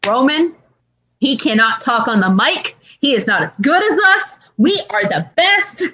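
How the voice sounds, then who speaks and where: A woman's voice: a little high, sing-song, unhurried, sharp tone, full character voice, poor audio. A woman playing a cocky boasting wrestler. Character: cocky male wrestler boasting about his team.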